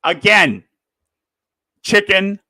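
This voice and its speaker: A man's voice: sits high, expressive, very slow, sharp tone, no echo. A man in a heated, profane commentary rant, lurching between fury and apology. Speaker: livestream commentator. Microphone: desk microphone.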